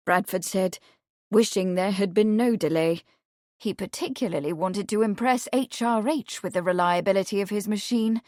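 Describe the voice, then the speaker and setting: Reading scripted narration for a mystery audiobook, a woman keeps a measured, even storytelling tone at medium pitch. It's studio-quality audio with no room sound.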